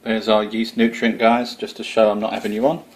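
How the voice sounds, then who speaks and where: A man's voice: lowish voice, flat delivery, a little fast. A man with an Essex accent chatting casually to camera about his homebrew, rambling and self-deprecating. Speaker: homebrew vlogger.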